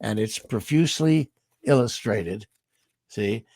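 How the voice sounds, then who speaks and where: An older man from Indiana tells stories as a guest, in a low, gravelly voice with a husky edge. His story comes over a dry, close call sound. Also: slow pace, no room sound. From Indiana, USA. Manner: animated storyteller, slips into character voices for quotes. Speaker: guest voice actor. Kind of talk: anecdotal storytelling.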